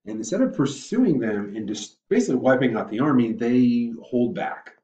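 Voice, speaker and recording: A man's voice: mid-range voice, animated, moderate pace, mellow. Chatty male teacher, distant and echoey. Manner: chatty, self-correcting, uses asides and filler. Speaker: history teacher. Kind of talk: casual recorded review lesson. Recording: muffled roomy audio from afar.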